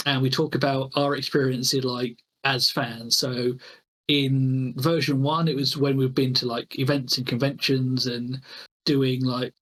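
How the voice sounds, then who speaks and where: A man, a game store owner, chatting as a guest on a podcast over a video call, telling animated self-mocking stories and laughing often. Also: mid-range voice, low-quality recording.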